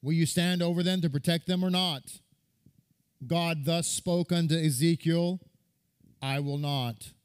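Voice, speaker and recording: A man's voice: a little high, fairly even intonation, unhurried, smooth. A man, a rabbi, giving a sermon that retells a midrash, reading and quoting scripture and repeating words for stress.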